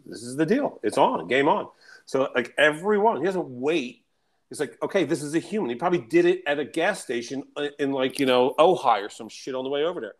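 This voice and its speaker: Animated storytelling male coach. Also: a little high, a little fast. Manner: animated storyteller, swears, acts out quotes. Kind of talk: casual storytelling chat.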